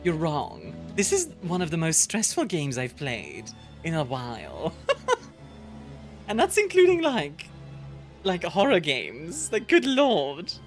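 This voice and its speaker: A woman streaming a strategy game, reading game text aloud and reacting in a casual, animated way while coughing now and then. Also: sits low, slow pace, soft background music. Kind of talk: casual gameplay chat.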